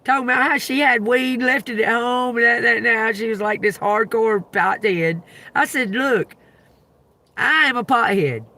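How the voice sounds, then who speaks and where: Man, high bright tense voice, profane and animated, with loud bursts. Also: normal speed. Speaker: tarot reader livestreamer. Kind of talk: casual livestream rant.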